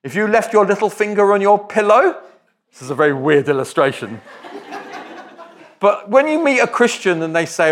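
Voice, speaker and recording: A man's voice: on the high side, lively intonation, fairly quick. A man preaching as a visiting speaker, direct and conversational, with joking asides to the congregation. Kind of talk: sermon.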